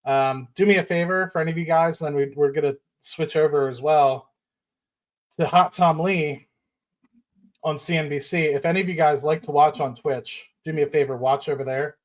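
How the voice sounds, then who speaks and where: A man's voice: a little high, steady tone, moderate pace. A man hosting a casual investing livestream, rambling with many fillers and restarts, fired up and standing while he talks. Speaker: livestream host.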